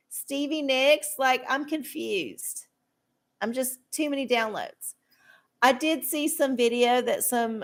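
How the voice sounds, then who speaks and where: A woman hosting a live stream of oracle card readings, chatting casually with viewers in a rambling, profane way. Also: on the high side. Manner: profane, rambling, laughs often. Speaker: livestream host giving oracle card readings.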